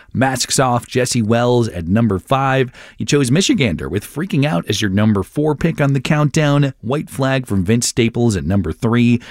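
Male radio host, chart countdown announcing, upbeat and chatty, mid-pitched, dry close sound. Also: a little mellow, dry recording. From part Irish family, not raised in Ireland. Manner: upbeat, chatty with light asides.

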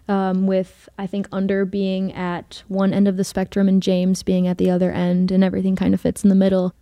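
A woman's voice: medium pitch, mellow, dry recording, clean studio sound. A young woman in her twenties, a band singer chatting casually in a radio interview, laughing often and using plenty of fillers.

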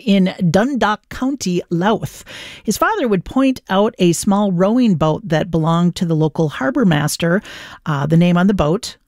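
A woman's voice: medium pitch, darkish tone, dry recording, clean studio sound. A woman radio DJ, chatting playfully as she tells a story between songs. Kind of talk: casual radio chat.

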